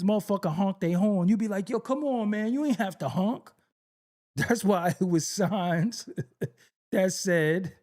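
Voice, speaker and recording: Gravelly, animated New man. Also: high voice. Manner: animated storytelling, acts out exasperated voices, laughs often. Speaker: rapper talking on camera. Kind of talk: casual comedic monologue.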